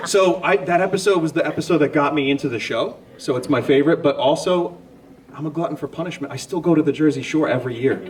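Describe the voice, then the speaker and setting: Against a noisy background, a man with a slightly high voice speaks fast on a comedic convention panel, rambling self-deprecatingly as he takes audience questions. He's recorded by a distant mic in a large, crowded hall.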